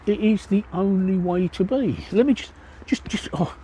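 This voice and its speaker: A man's voice: high voice, moderate pace, warm tone, slight background noise. An older English man livestreaming from his phone outdoors by a pub, answering viewers' chat in a blunt, joking, matter-of-fact way. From England. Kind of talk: casual chat Q&A. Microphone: cell phone.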